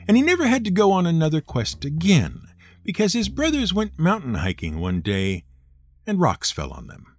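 A man's voice: on the high side, no echo, studio quality. A man hosting a storytelling show, narrating a folk tale with wry, playful asides. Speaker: storyteller host.

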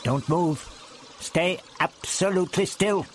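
A male narrator voicing a sharp-tongued elderly doctor who gives curt orders. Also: on the high side, wildly swooping pitch, normal speed, slight background noise, voice pushed up, heavily acted. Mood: commanding. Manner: curt and snappish.

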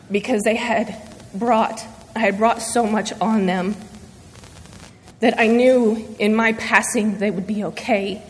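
A woman sharing a personal faith testimony before her church, speaking earnestly and haltingly through emotion. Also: mid-range voice. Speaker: church member giving testimony. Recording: long reverb of a large hall.

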